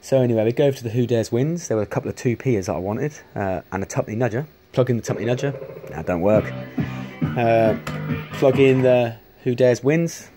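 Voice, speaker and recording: A man's voice: medium pitch, very fast, warm tone, soft background music. A man chatting casually to camera, rambling with many restarts and casual swearing. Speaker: vlogger showing arcade machines.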